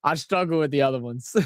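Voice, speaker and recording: Talking casually over a live match, a New Orleans-accented man tells stories, rambles and swears with excitable energy. He's a watch-along host from New Orleans, USA, and his higher voice comes through clean studio sound with no room sound.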